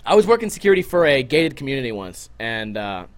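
A young man hosting a livestream, telling stories to his chat in a casual, profane, animated way and jumping into loud quoted outbursts. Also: mid-range voice, fast. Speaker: livestream host.

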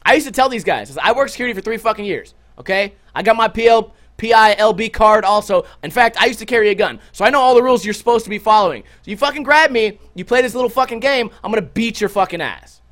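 High-voiced young man, profane streamer. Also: fast talker, hardly any pauses. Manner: animated, swears constantly, jumps into loud quoted outbursts. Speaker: livestream host. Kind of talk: casual profane storytelling to a stream chat.

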